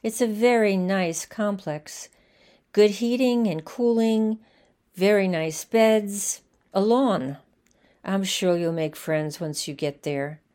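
A woman voicing a kind, soft-spoken alien of unclear gender, in a gentle, soothing way. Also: medium pitch, slow pace, natural voice.

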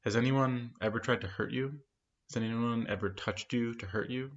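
A man's voice: mid-range voice, steady tone, normal speed, natural voice. A man reading the lines of a frightened, shaken young man in a storybook reading, on a dull lo-fi recording. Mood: anguished.

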